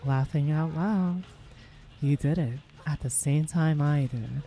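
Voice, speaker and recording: A relaxed streamer chats casually through a live game in a soft, hushed voice bordering on ASMR. The tone is mellow and dark, the flow rambling and easygoing, with frequent small laughs, all at a mid pitch and unhurried pace.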